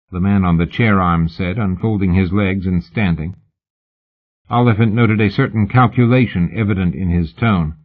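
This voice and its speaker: A man reads a novel aloud in a measured, steady narrating manner. His voice is low and husky. The recording is thin and band-limited, like a phone line. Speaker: audiobook narrator. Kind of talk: scripted narration. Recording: narrow phone-like audiobook sound.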